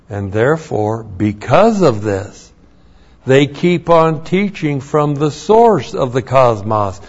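A man's voice: medium pitch, slightly rough. A man preaching a verse-by-verse Bible teaching sermon. He speaks in an emphatic way, repeats key phrases and spells out Greek words. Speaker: pastor. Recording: dull lo-fi sermon recording.

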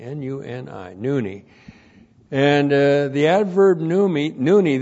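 Slow, methodical male Bible teacher. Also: mid-range voice, dark tone. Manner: methodical, repeats each numbered point slowly; spells out Greek words letter by letter. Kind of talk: Bible study lecture on Greek words. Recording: dull lo-fi recording.

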